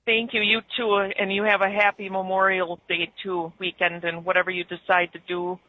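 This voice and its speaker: A woman's voice: mid-range voice, flat delivery, a little fast, no room sound. A woman caller with an Upper Midwest American accent, chatting casually and rambling, laughing easily, over a muffled phone line. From born in Germany, raised in Wisconsin. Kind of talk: casual call-in chat.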